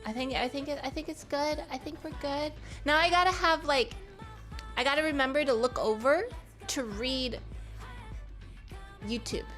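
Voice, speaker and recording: A woman's voice: high voice, normal speed, pauses often, fairly bright tone, soft background music. A woman streaming live in casual chat, greeting her viewers, laughing and swearing freely. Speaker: VTuber streamer.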